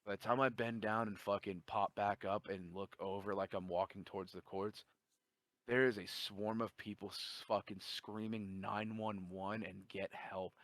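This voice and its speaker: A man's voice: on the low side, normal speed, no room sound. A man telling a long story in casual chat, swearing a lot and acting out the dialogue. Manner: profane, animated storytelling with quoted dialogue.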